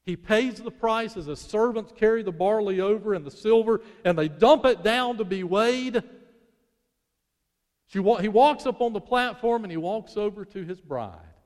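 High-voiced preacher in a reverberant hall. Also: male voice, moderate pace. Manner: dramatic, swelling then dropping to a hush. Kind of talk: sermon storytelling. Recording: long reverb of a large hall.

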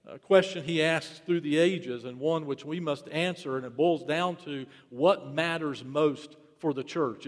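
Preaching man, raised pitch, hall echo. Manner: rhetorical repetition, swelling and dropping in volume. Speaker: pastor. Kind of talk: sermon. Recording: long hall reverb.

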